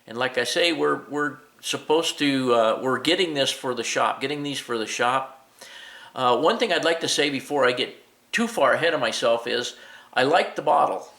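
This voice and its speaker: A man's voice: mid-range voice, moderate pace, gravelly, fairly bright tone. Chatty hobby-shop man in echoey room. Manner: rambling, many fillers and restarts. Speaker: hobby shop owner reviewing a product. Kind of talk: casual product review and demo.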